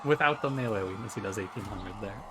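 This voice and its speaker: Fast and fairly low-pitched, a man's voice carries joking, wry commentary and mock trash-talk as he plays a video game. He is in a room at home by a window, with game music in the background.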